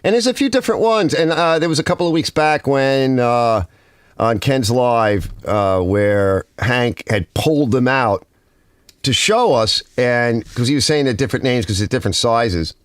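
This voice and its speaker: A man's voice: medium pitch, lively intonation, normal speed, dry recording. A man with a Northern US accent hosting a casual garage livestream, rambling and reading viewer comments aloud.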